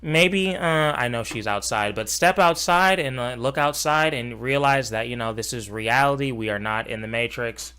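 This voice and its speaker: A man's voice: medium pitch, moderate pace, few pauses, sharp tone, clear, resonant tone. A young man reacting to a video as a streamer, casual, profane and sarcastic.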